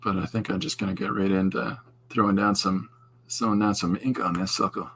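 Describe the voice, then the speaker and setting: There's a little hiss or hum as a middle-aged Canadian podcast host and artist rambles while drawing. He has a deep, fairly bright voice, speaks briskly with fairly even intonation, and meanders digressively, frequently restarting.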